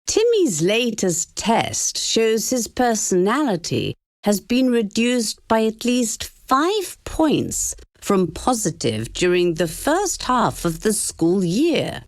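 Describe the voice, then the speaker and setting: A woman plays a prim school official who speaks slowly and deliberately, her pitch rising and falling widely. She is firm and formal, and the recording is dry and close. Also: big pitch swings, no echo. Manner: measured, formal and insistent. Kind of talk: animated story dialogue.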